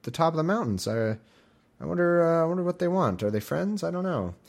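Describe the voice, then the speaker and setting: A man's voice: fairly high pitch, expressive, fairly quick, creaky, voice pushed up. A man voicing a naive, puzzled ancient soldier who wonders aloud and hesitates.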